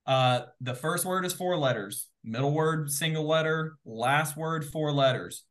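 Man, fairly high voice, excitable, animated, casual interview storytelling. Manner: excitable, animated, rapid filler-heavy retelling. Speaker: guest, former game show contestant.

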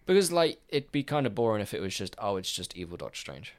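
Deep-voiced, tired man chatting. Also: sing-song, fast. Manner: chatty, trailing off and restarting. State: tired, yawning. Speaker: podcast co-host. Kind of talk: casual chat.

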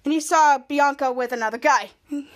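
A woman's voice: high voice, fast, fairly bright tone. A woman hosting a podcast, casually recapping a TV episode in a rambling, self-correcting way with frequent giggles. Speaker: podcast host.

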